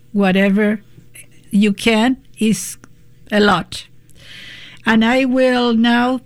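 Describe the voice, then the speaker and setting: Slow-talking woman radio host. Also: mid-range voice. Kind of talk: casual radio interview.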